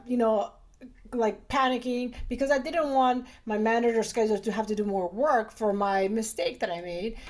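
Middle-aged woman, doctor guest, chatty and animated, higher voice. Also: moderate pace. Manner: chatty, animated, many fillers. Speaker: urologist, guest. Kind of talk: casual conversation.

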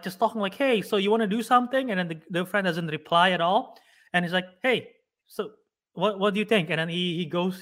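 Young male podcast co-host, high and bright, rambling casual retelling. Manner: rambling, retells scenes with quick acted-out quotes. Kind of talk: casual chat.

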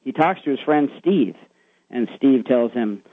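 A man's voice: mid-range voice, animated, measured pace, slightly rough, no room sound. A man calling into a radio show, retelling a secondhand ghost story in a rambling way and putting on spooky voices for the quotes. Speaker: caller. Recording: thin, tinny phone line.

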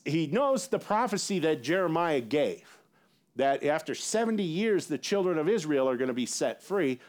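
Animated male preacher, lively pitch. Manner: animated, conversational preaching with asides. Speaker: pastor. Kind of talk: sermon.

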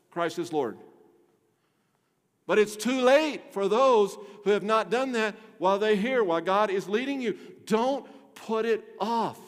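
A man preaching a sermon to his church, swinging between loud emphasis and hushed low tones, with a bass singing voice. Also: measured pace. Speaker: pastor. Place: church sanctuary. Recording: long hall reverb.

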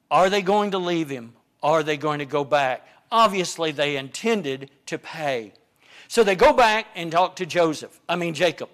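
Slow, high-voiced man teaching a Bible class. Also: fairly bright tone. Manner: repeats phrases and poses rhetorical questions.

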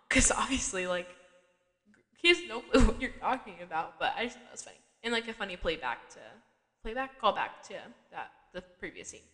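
A woman's voice: on the high side, expressive, normal speed, a bit bright, long reverb tail. A woman hosting a podcast, recapping a TV episode in a chatty, filler-heavy way with frequent asides. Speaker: podcast host. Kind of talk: casual chat recapping a TV episode.

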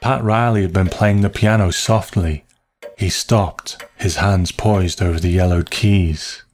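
A man narrating a story in a slow, measured, hushed way. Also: low-pitched, fairly even intonation, slight background noise.

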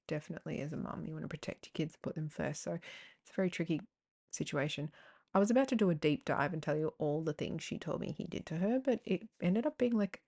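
A woman's voice: deep voice, vocal fry. A woman hosting a podcast, talking frankly in a rambling way, with swearing, fillers and tangents. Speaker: podcast host. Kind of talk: candid personal podcast monologue.

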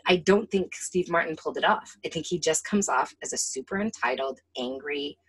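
A woman co-hosting a casual film chat, animated and profane, often acting out lines. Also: low-pitched, brisk, slightly rough. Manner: animated and profane, acts out quotes. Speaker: podcast co-host.

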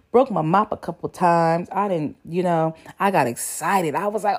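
A young woman talks straight to her viewers, relaxed and full of slang. Her voice sits a little low, and she tells her story with lively, animated energy. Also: moderate pace, hardly any pauses. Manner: chatty, slangy, animated retelling. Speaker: vlogger. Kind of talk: casual storytelling to camera.

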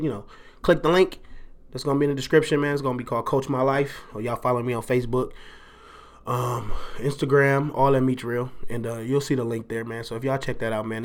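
A man hosting a casual faith podcast, talking in a loose, rambling, slangy way with sarcastic asides and frequent laughs. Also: medium pitch. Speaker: podcast host.

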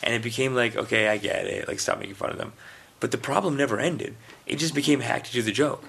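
Fast-talking gravelly man, casual chat. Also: medium pitch. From India. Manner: rambling, animated storytelling with quoted voices.

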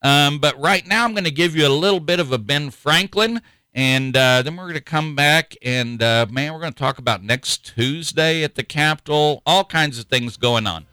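A man's voice: a little high, moderate pace, bright, forceful tone, smooth, no echo, rough recording. A man hosting a radio talk show, talking in a folksy, rambling way.

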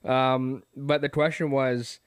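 A man's voice: medium pitch, little pitch movement, slow pace, clean tone, no room sound, studio quality. A man hosting a podcast interview, joking around with his guest, swearing and laughing often. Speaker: podcast host. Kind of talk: casual interview chat.

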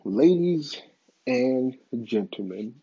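A man's voice: mid-range voice, expressive, slow, creaky, warm tone, breathy edge, dull audio. A man giving blunt, profane, opinionated casual commentary.

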